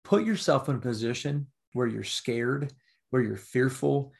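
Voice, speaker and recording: Earnest storytelling man, middle pitch. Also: expressive, measured pace, gravelly. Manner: earnest, emotional storytelling with frequent "right?" asides. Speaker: podcast guest, author. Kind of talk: storytelling in a podcast interview.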